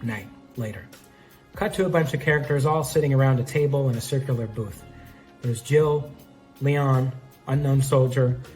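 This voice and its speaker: A man reads scene directions from his own script in a mid-pitched, plain voice. He delivers them steadily, with soft music faintly underneath. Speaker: fan script writer and reader. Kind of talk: reading a script aloud.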